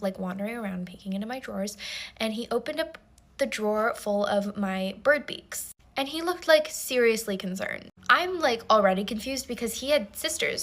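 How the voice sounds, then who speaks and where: A woman's voice: medium pitch, a bit bright. A young woman telling a comedic storytime in a mock-earnest, rambling way full of restarts. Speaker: TikTok storyteller.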